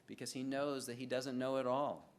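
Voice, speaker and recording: A man's voice: medium pitch, normal speed. A middle-aged male pastor preaching a sermon in a conversational way, acting out little everyday dialogues as he goes. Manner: conversational, acts out little dialogues with lively swings of voice.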